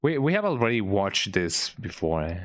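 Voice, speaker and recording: Guy streaming a game, lively voice, says eh a lot, game music going behind. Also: lowish voice, moderate pace. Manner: rambling, tags lines with "eh?". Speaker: gaming streamer. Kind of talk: casual let's play commentary.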